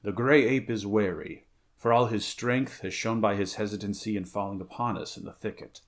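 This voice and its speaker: A man's voice: on the low side, normal speed, lightly acted. A man voicing a weary, blunt barbarian warrior in a read-aloud story, grunting his lines. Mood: gruff.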